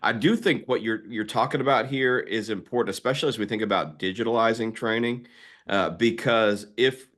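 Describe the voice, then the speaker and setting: Male co-host, lower register, measured and explanatory, conversational tone. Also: a bit bright. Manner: thoughtful, explanatory. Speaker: ministry leader and podcast co-host. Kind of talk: casual conversation.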